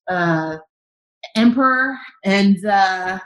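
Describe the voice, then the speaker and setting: A woman comedian, a guest in an interview, talking in a lively, animated way and acting out quotes in high voices. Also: moderate pace. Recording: roomy echo.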